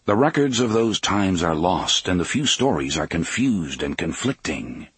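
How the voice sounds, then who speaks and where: A man voicing a weathered gunslinger leader, speaking in a measured, solemn, old-fashioned way. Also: low-pitched, big pitch swings, breathy edge, no echo, full character voice. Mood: grave.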